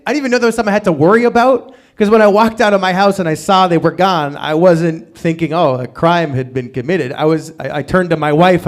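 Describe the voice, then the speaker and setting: A man doing an open mic stand-up set in a small venue, halting and self-deprecating, full of ums and restarts. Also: fairly high pitch. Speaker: stand-up comic. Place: small live comedy venue.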